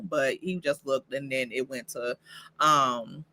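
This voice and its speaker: Animated, bright-voiced woman recapping shows. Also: extremely low pitch, a little slow. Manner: profane, animated, talks back to the characters. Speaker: host of a TV recap channel. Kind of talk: casual reaction review.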